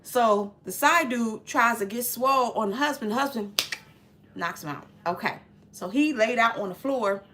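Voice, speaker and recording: A woman's voice: a little high, normal speed, slight background noise. A woman giving a casual, slangy movie recap, retelling the plot with lots of filler and acting out scenes as she goes. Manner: lively storyteller acting out scenes. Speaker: movie reviewer.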